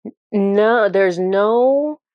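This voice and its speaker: A woman's voice: medium pitch, very slow, no echo, highs cut off. A woman casually retelling a spiritual vision as a channeler, chatty and full of fillers, laughing at herself.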